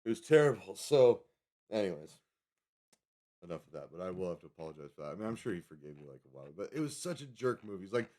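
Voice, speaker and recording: A man's voice: deep voice, sing-song, quick pace, dark tone. A man livestreaming, rambling casually as he reads a web page aloud and stumbles over foreign names. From Colorado. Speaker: livestream host.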